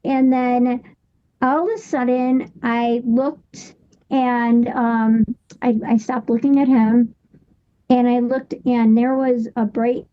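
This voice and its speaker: A woman in her thirties recounts a personal story as an interview guest, her voice high and her pace slow and drawn out. She talks haltingly, stopping and restarting often. The recording sounds dull and lo-fi. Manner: halting, with many restarts and fillers.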